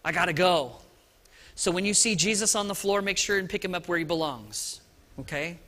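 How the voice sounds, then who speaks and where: Man, pastor, Easter sermon, high-pitched, very bright tone, lively, chatty asides, church service. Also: fairly quick. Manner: lively and conversational, with frequent restarts and asides.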